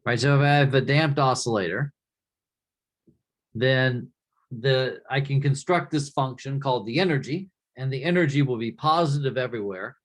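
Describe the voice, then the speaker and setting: A man giving a classroom lecture in a relaxed, conversational way, often checking in with the class by asking "right?". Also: mid-range voice, moderate pace.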